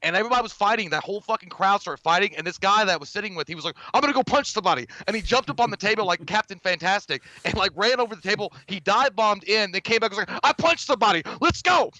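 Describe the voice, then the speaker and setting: Bright-voiced man rambling, dry sound. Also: sits high, rapid-fire, few pauses, no echo. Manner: rambling and profane, lots of fillers and restarts, reads chat aloud. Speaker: podcast co-host. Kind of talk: casual live-stream chat.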